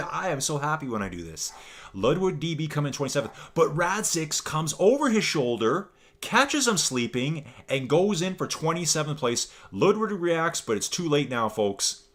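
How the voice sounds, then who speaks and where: Commentating casually on a virtual cycling race, this Canadian man in his forties speaks at normal speed in a slightly high, fairly bright voice with big pitch swings. He's chatty and upbeat and keeps addressing listeners as folks.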